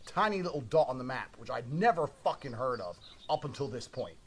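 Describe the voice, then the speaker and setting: A man's voice: medium pitch, very animated, brisk, a little hiss or hum. A man telling a story in a casual monologue, brash and swearing constantly.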